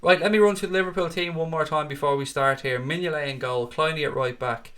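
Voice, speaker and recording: A man's voice: a little high, quick pace, a bit bright. Dublin Irish man in his thirties, chatty. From Ireland. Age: 30s. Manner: chatty, swears freely, calls viewers mate. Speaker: watchalong host. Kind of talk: casual live stream chat reading comments.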